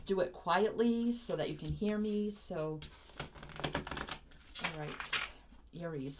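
A woman's voice: mid-range voice, a little hiss or hum. Chatty woman tarot reader. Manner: chatty, filler-heavy, laughs easily. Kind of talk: casual tarot reading.

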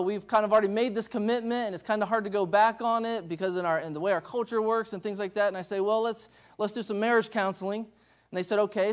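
A man, a missionary pastor, telling stories in a conference sermon, acting out the dialogue with many restarts. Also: sits high. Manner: animated storytelling, acts out dialogue, many restarts. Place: church sanctuary.

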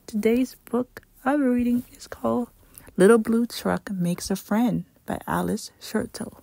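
A woman reading a children's picture book aloud in a gentle, unhurried storytime voice. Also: on the high side, vocal fry, no echo.

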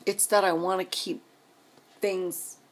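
A woman's voice: lowish voice, flat delivery, slow. A middle-aged woman venting on her vlog in an exasperated rant, firing off rhetorical questions and repeating herself. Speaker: vlogger. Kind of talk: emotional rant to camera.

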